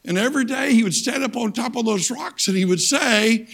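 A man's voice: high-pitched, normal speed, gravelly, few pauses, a bit bright, husky. An older man, a missionary and guest preacher, giving a sermon in a plain-spoken, folksy storytelling way with emphatic turns. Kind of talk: sermon with personal stories.

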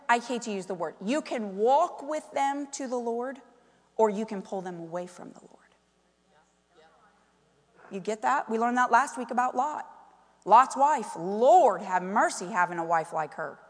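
Woman, preacher, sermon, lively questioning delivery, high voice, church hall echo. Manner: animated, asks the crowd many questions. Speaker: pastor's wife preaching.

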